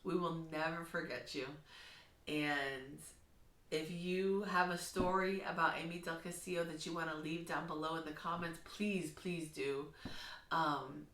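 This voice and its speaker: A woman's voice: low voice, fairly even intonation, a little slow, reverberant, recorded from a distance. A woman who teaches kindergarten, speaking earnestly and encouragingly in a heartfelt vlog. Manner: earnest, encouraging, gently instructive. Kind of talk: heartfelt talking-to-camera vlog.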